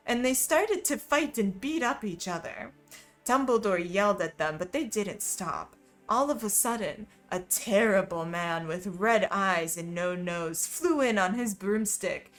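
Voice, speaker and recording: Slow, lively-pitched amused woman reader. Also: soft background music. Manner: amused, often breaks into laughter. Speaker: streamer reading a fanfiction aloud. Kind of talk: comedic dramatic reading.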